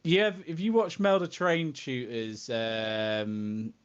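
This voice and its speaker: A man on a podcast, telling a hobby story in a casual, animated way and tossing in "mate" and "yeah?". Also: medium pitch, takes it slowly, clear, resonant tone, lo-fi sound. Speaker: podcast co-host. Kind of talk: casual chat.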